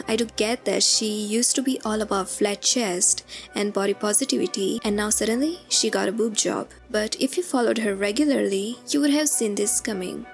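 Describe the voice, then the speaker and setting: A woman narrating a scripted commentary voice-over in a conversational, explanatory way. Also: fairly high pitch. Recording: music bed underneath.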